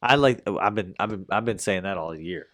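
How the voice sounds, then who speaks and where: A young man co-hosting a podcast, chatting casually about football with slang and loud laughs. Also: low-pitched, moderate pace. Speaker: podcast co-host. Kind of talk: casual chat.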